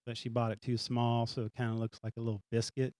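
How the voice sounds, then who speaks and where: A man's voice: medium pitch, monotone, fast, darkish tone, dry recording. A man co-hosting a podcast, easygoing and enthusiastic in casual chat. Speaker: podcast co-host.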